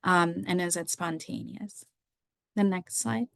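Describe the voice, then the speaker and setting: A woman's voice: on the low side, a little slow, gravelly, fairly bright tone, dry recording, clean studio sound. A young woman, a psychiatry resident, teaching medical students through a slide lecture, running through lists of questions in an explanatory way. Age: young adult.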